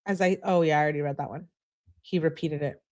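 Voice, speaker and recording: A woman's voice: low voice, steady tone, fast talker, a little mellow. A woman hosting a casual livestream, chatting and reading messages aloud with awkward, laughing asides. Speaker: streamer host.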